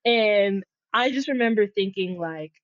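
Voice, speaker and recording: A woman's voice: medium pitch, measured pace, slight background noise. Young woman from connecticut, chatty and laughing a lot, kinda muffled dull sound. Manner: animated, laughs often, acts out her younger self. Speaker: guest. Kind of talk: casual storytelling chat.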